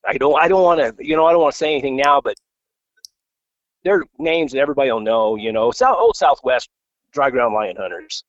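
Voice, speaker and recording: A man talking as a podcast guest in a casual, halting way, often repeating words as he starts. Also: mid-range voice, dry recording, muffled recording. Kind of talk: casual chat.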